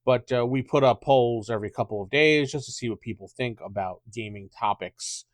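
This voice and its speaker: A man hosting a casual tabletop gaming podcast, rambling and thinking out loud with lots of fillers. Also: medium pitch, normal speed, no room sound. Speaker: podcast host.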